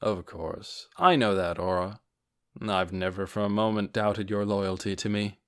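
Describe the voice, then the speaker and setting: A man voicing a calm, measured undead male overlord in an audiobook. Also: on the low side, vocal fry, full character voice. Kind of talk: audiobook character voice.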